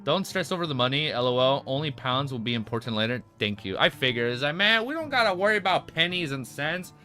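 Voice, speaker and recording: Raspy guy streaming a novel read-aloud, trips on words, redoes lines, quiet music underneath. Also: mid-range voice, fast. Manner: stumbles over words and rereads lines, breaks off into excited asides. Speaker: streamer reading a web novel aloud and reacting. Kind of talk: casual reading with live reactions.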